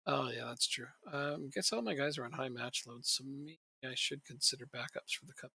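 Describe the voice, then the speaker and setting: A man's voice: mid-range voice, brisk, vocal fry, sharp tone, a little hiss or hum. A man streaming a game, chatting casually and joking with a lot of laughter. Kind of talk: casual gaming chat.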